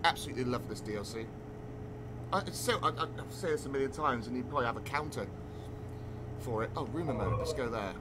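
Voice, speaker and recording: Fast and lively in intonation, a medium-pitched male voice chats casually while streaming a game, rambling and cursing freely. The background is noisy, with game music playing.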